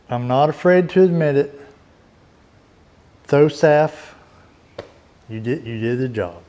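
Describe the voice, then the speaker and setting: A man's voice: mid-range voice, expressive, slow pace, long pauses, dark tone, a little hiss or hum. A man talking casually and rambling a bit as he repairs a car outdoors, in a folksy way. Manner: rambling, folksy, talks while working. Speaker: DIY car repair vlogger. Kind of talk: casual workshop chat.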